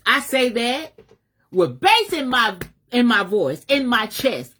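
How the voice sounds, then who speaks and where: A middle-aged woman delivers a fiery message in a preacher's cadence, her pitch leaping high and dropping low as she presses each point. Her voice sits fairly high, and she speaks in African American Vernacular English, swearing freely as she goes. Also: very animated, slow, a bit bright. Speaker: spiritual advisor. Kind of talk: preaching-style live stream message.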